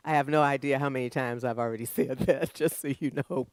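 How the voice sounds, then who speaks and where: A woman's voice: very deep voice, no echo. A woman minister giving a sermon, conversational at first and building to emphatic preaching.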